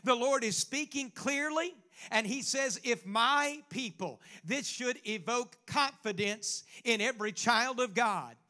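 A man's voice: extremely high pitch, lively intonation, measured pace, bright, forceful tone. A man preaching a sermon as pastor, quoting scripture and building to fervent exhortation.

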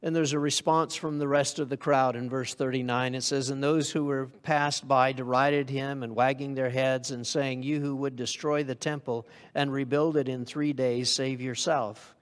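A man's voice: medium pitch, little pitch movement, moderate pace, hardly any pauses, big-room sound. A man preaching a sermon to a congregation in a conversational way, often asking them questions. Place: church hall.

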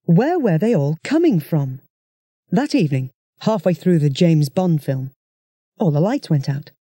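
A narrator tells a children's story in a chatty first-person voice. The tone is mellow and close, with a dry, dead sound. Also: medium pitch, very animated, measured pace, husky, no echo. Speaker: audiobook narrator.

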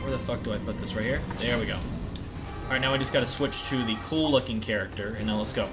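A young man giving excitable, profane commentary over his gameplay, often yelling at the game. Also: medium pitch, fast talker. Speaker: gaming video creator. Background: game music.

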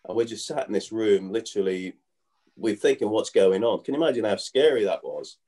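Mellow-voiced man telling rambling stories. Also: fairly low pitch, expressive, brisk. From grew up in England. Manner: rambling, full of "you know" and restarts. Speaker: guest, former cricketer. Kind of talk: casual storytelling interview.

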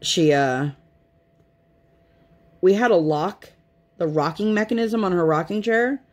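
A woman's voice: on the low side, measured pace, darkish tone. A young woman, a mother, chatting casually to her vlog viewers in a rambling, self-deprecating way. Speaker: craft vlogger and mother. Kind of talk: casual chat to camera.

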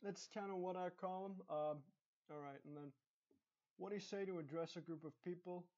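A young man from Dallas talks in a loose, rambling way, with a Texan accent, a fairly high voice and plenty of ums and restarts. The recording sounds dull and lo-fi. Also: fairly even intonation, normal speed, darkish tone. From Dallas, Texas. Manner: rambling, chatty, frequent fillers and restarts. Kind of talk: casual accent tag vlog.

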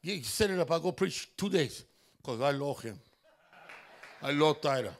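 A man putting on the voice of an excitable older preacher friend who speaks broken English and repeats himself. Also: a little high, moderate pace, pitched below the performer's own voice, close to an everyday voice. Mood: fond. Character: excitable older male evangelist friend, impression.

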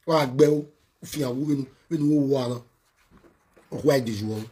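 A man's voice: mid-range voice, normal speed, mellow. A man with a Nigerian accent, a social media personality, ranting scornfully on a live video with rhetorical questions. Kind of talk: heated live-video rant.

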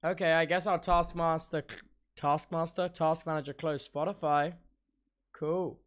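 A man's voice: fairly high pitch, level tone, a little slow, fairly bright tone. Ranting young streamer guy. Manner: swears a lot and rants about tech trouble; repeats himself as he talks. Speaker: livestreamer. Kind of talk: casual stream chat.

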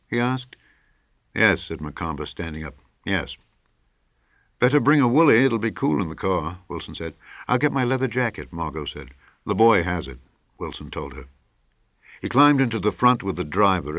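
A man reading a literary short story aloud as an audiobook narrator, measured and even. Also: low-pitched, dry recording.

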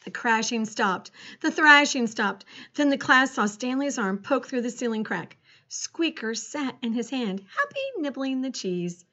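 A woman reading a children's storybook aloud in an expressive way. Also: fairly high pitch, measured pace. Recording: dull lo-fi recording.

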